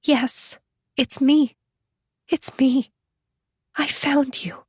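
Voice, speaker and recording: A woman's voice: a little high, slow pace, no room sound, clean studio sound, pitched above the performer's own voice. A woman narrator voicing a frightened, hurt teenage girl who is crying, speaking in broken, breathless pleas. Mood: sobbing.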